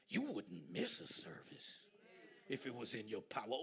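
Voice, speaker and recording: A man from Guyana preaching a sermon in a church, swinging from hushed asides to loud, laughing exclamations. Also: medium pitch, sing-song, unhurried. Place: church sanctuary.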